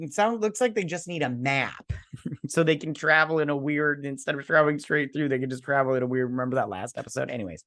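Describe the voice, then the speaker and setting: A man's voice: fairly high pitch, fast talker, a bit bright, no room sound, clean studio sound. A man hosting a casual episode recap and review, rambling and sarcastic as he retells the scenes. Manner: rambling, sarcastic, quotes characters in mock voices. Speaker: host.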